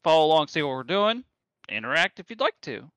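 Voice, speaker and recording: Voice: mid-range voice, very animated, brisk, fairly bright tone, smooth, no room sound. A podcast co-host chatting casually in a wry, self-deprecating way. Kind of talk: casual chat.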